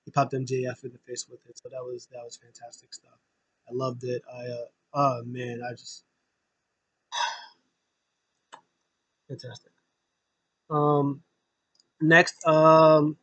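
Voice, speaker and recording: A man's voice: fairly high pitch, a bit bright, no room sound. Emotional man recapping wrestling, dry sound. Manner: rambling, filler-heavy, emotional fan talk. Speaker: wrestling show reviewer. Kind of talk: casual recap chat.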